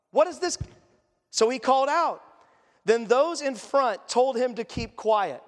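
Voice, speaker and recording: Pastor, male, high voice, chatty preaching style, long church-hall reverb. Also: a little slow. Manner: asks the congregation questions and acts out quotes. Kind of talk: conversational sermon.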